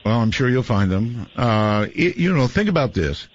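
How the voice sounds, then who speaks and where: A man hosting a late-night call-in radio show, relaxed and easily amused, talking with guests and callers. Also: medium pitch, normal speed. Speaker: radio talk show host. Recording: muffled radio broadcast audio.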